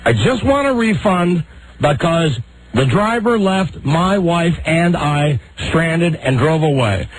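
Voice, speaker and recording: A man's voice: on the high side, breathy edge, poor audio. A man hosting a talk radio show, telling an exasperated story and acting out the people in it.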